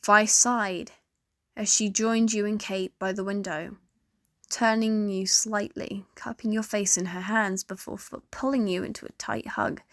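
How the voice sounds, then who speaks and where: A young woman narrating a fan fiction story in second person, in a slow, steady storytelling manner. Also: medium pitch, dry recording, studio quality. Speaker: narrator and voice actor.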